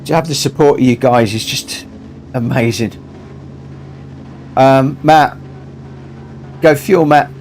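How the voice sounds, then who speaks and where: A man's voice: mid-range voice, slow, pauses often, a little mellow, slight background noise. A man hosting a charity gaming livestream, emotional and grateful, repeating his thanks as he gets choked up. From United Kingdom. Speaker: livestream host and racing gamer.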